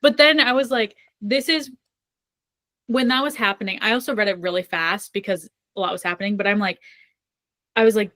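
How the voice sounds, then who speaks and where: A woman's voice: medium pitch, brisk, sharp tone, no echo. A young woman co-hosting a book podcast, retelling her reactions emphatically in casual chat. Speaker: podcast co-host.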